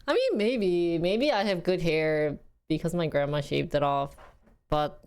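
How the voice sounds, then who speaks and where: Chatty young woman streaming, slightly low voice. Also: slow pace, pauses often, smooth. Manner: chatty, rambling, laughs often, quotes family in lively bursts. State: losing her voice. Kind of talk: casual livestream chat.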